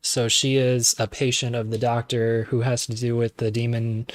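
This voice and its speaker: A man's voice: medium pitch, level tone, normal speed, no room sound. A young man giving casual, rambling commentary while streaming a game, full of fillers and self-interruptions.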